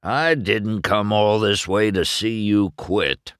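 A gruff old race car and stern mentor, as a man puts him on while reading a storybook aloud. He speaks with a low, rumbling growl. His lines sit in a close, dry recording. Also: slow pace, fairly bright tone, no echo.

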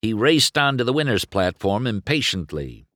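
A man reading a storybook aloud as narrator in an expressive storytelling manner. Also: lowish voice, moderate pace, no echo, studio quality.

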